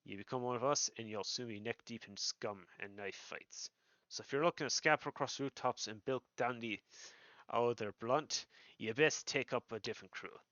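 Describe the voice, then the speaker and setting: Male reader as a gruff thieves' guild recruiter, muttered cant, lo-fi sound. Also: moderate pace, a bit bright, no room sound, lightly acted. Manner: low, muttered thieves' slang.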